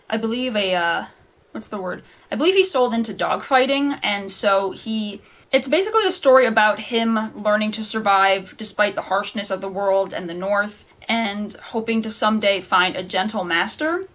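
A woman's voice: mid-range voice, a bit bright. A young adult woman chatting to camera in a casual book review vlog, rambling and laughing at her own slips. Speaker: book vlogger.

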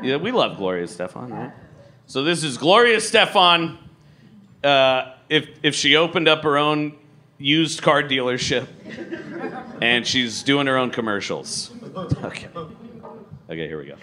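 A man doing live stand-up in a large comedy club, animated and loud, swearing and riffing with the audience. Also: medium pitch, unhurried, pauses often. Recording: live club with crowd noise.

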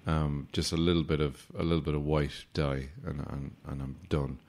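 Man, low voice, wry, sarcastic, casual podcast storytelling. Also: little pitch movement, normal speed, a little mellow. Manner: wry, sarcastic anecdotes with mock-formal asides. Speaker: podcast host.

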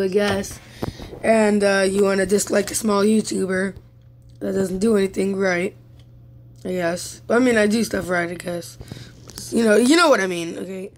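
A young woman giving casual commentary over her own mobile football game, exasperated, dropping from whispered mutters to sudden yelps and shouts. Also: medium pitch, moderate pace, a little hiss or hum. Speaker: gaming YouTuber.

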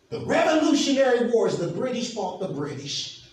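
A pastor preaching a sermon, emphatic and asking the congregation questions. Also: male voice, very high voice, big pitch swings, moderate pace. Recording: echoey hall from far off, faint noise.

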